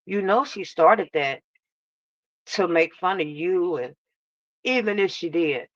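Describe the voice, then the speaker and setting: Chatty and emphatic, this streamer comments on online drama live, welcoming chat viewers by name and repeating "you know what I'm saying." Her voice sits lowish with a fairly bright tone. The sound is dry, dull lo-fi with no room sound.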